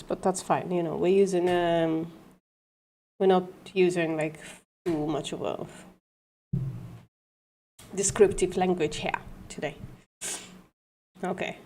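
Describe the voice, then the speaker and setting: A woman hosts a casual livestream and talks slowly with long pauses, her voice sitting on the low side. She stumbles, corrects herself and swears lightly as she works through an argument. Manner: halting, self-correcting, swears and laughs at herself. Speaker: livestream host. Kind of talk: casual livestream teaching logic.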